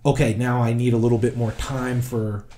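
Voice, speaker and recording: A man's voice: medium pitch, little pitch movement, normal speed, warm tone. A man with a New Jersey accent co-hosting a casual podcast, talking bluntly and profanely. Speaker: podcast co-host.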